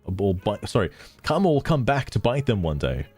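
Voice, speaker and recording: Man, sarcastic streamer, lively pitch, low voice, faint music behind. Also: normal speed, husky. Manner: sarcastic, laughing, mocking voices when reading. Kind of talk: casual commentary reading social media posts.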